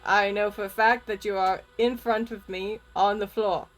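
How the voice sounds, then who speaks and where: A woman's voice: medium pitch, fairly even intonation, normal speed, soft background music, lightly acted, rough recording. A woman voicing a stern, flustered woman school principal who scolds indignantly.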